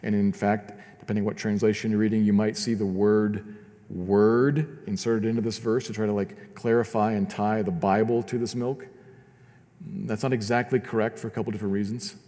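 Man, pastor, sermon, earnest, repeats words, mellow voice, long hall reverb. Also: on the low side, flat delivery, moderate pace. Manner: earnest, repeats words while building points.

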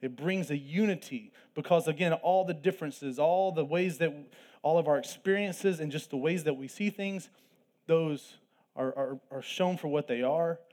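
A pastor preaching an earnest sermon, with plain asides between scripture readings. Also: male voice, on the high side, darkish tone. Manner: earnest preaching with asides and quick self-deprecating jokes. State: throat tickle, coughing at times.

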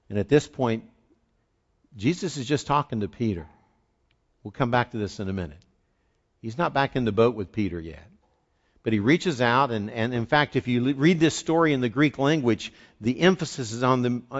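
Pastor guy chatting thru a sermon, animated, average pitch, kinda muffled sound. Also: moderate pace. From eastern United States. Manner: conversational, animated storytelling. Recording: dull lo-fi recording.

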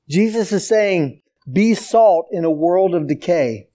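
Male pastor, emphatic sermon delivery, unhurried, slightly high register. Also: lively intonation, dark tone. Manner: emphatic preaching with repeated phrases, addresses the church directly.

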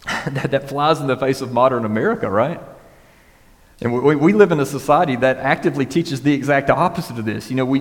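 Casual preaching man in a reverberant hall. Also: medium pitch. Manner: casual, conversational preaching with frequent "right?" and "y'all". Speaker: pastor. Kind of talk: sermon.

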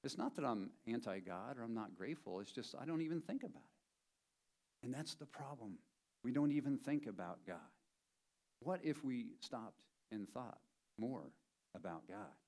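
A man's voice: medium pitch, expressive, normal speed, darkish tone. A man preaching a sermon as a pastor in a church, conversational and playful, driving points home by repeating them. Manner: conversational and playful, with emphatic repetition.

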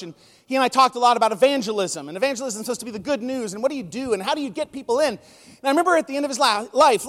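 A pastor preaching a conversational sermon, telling stories with emotion. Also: male voice, extremely high pitch, a bit bright. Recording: long reverb of a large hall.

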